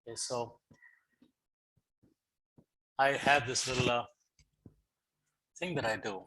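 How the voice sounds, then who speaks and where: A middle-aged man speaking over a video call as a guest speaker, coaxing his audience through a lively online session and often repeating words as he gets going. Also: medium pitch, slow pace, slight background noise, poor audio. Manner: animated, coaxing, repeats words when starting. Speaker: guest speaker for teacher training. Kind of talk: online lecture leading laughter exercises.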